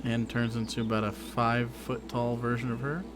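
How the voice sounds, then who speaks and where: A man narrating as game master of a tabletop game, matter-of-fact and low-key, with noticeable background noise in his recording. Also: level tone, normal speed.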